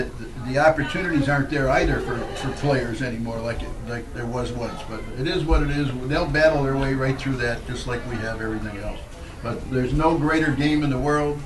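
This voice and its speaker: An older man tells long, winding stories into a handheld mic, looping back on himself with fillers and restarts. His voice sits at an ordinary pitch for a man. Clear background noise from the live event runs beneath him. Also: recorded from a distance. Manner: rambling anecdotes with restarts and fillers. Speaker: former pitcher, guest speaker. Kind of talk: storytelling at a live Q&A.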